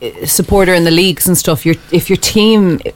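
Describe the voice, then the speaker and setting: A man with an Irish accent co-hosting a radio phone-in, excitable and full of quick, laughing banter. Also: sits high. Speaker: radio co-host. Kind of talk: casual radio phone-in chat.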